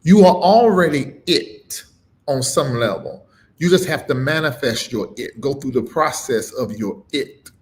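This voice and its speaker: A middle-aged man preaching on a live stream, emphatic and informal, swinging between loud punches and low murmurs and repeating phrases with a rising cadence. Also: animated, a little slow. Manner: informal, dropped verb endings. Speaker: preacher and livestream host.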